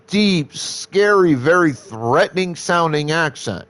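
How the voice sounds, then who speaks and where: A man's voice: on the high side, expressive, takes it slowly, fairly bright tone. A man streaming a game live, chatting casually and rambling, swearing freely as he talks to his chat.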